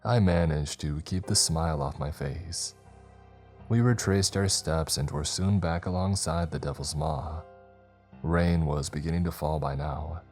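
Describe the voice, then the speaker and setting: A man narrating a scary story in a steady, measured storytelling manner. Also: rumbling low, soft background music. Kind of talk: scripted horror narration.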